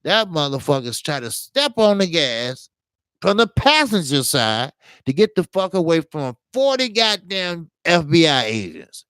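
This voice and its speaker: A man's voice: a little high, very animated, measured pace, a bit bright, smooth, dry recording. A man hosting a boxing talk show, telling rambling stories full of profanity and scolding fighters. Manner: emphatic, scolding rants. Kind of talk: casual commentary monologue.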